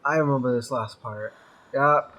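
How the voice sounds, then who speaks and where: A man's voice: medium pitch, normal speed, sharp tone, low-quality recording. A man making laid-back, joking remarks while watching a horror game being played. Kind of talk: casual let's-play commentary.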